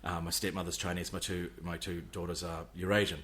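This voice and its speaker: A man's voice: low voice, flat delivery, fairly quick, a bit bright. A middle-aged man, a comedian talking passionately on a podcast, often repeating words as he starts. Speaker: stand-up comedian guest. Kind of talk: casual podcast conversation.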